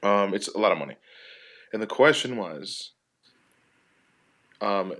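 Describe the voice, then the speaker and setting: A man's voice: fairly low pitch, expressive, measured pace, long pauses. A man in a casual comedy chat, telling long rambling stories packed with profanity. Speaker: podcast participant.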